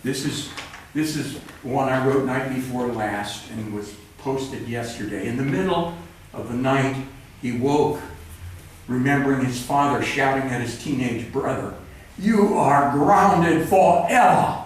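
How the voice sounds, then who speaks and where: Here a male author shares his own books at a live event in a cultural center's event room. He talks at medium pitch and without hurry, wry and matter-of-fact, rambling a bit between readings. The roomy live recording was made at a distance, with slight background noise.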